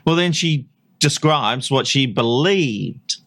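A man's voice: mid-range voice, animated, slow pace, fairly bright tone. A man co-hosting a podcast, narrating and joking in a playful, chatty way. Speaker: podcast co-host. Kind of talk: casual analytical chat.

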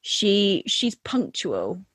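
A woman's voice: medium pitch, wildly swooping pitch, very slow, a bit bright, husky, no echo. A woman in casual chat telling a workplace story, with lots of fillers and acted-out quotes. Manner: chatty, many fillers, acts out quotes.

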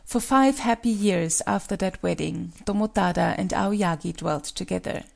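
A woman reading a folk tale as scripted narration, in a measured, solemn way. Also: lowish voice, vocal fry, darkish tone. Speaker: storyteller.

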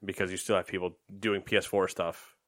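A man's voice: deep voice, flat delivery, a little fast, no echo, clean studio sound. A man co-hosting a casual gaming news podcast, joking and swearing while he reads out news items. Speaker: podcast co-host.

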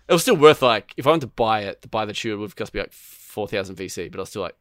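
A man's voice: on the low side, racing, few pauses, no echo, studio quality. A man chatting casually about a video game, telling rambling stories with plenty of swearing. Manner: rambling, profane, animated storytelling. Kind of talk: casual gaming chat.

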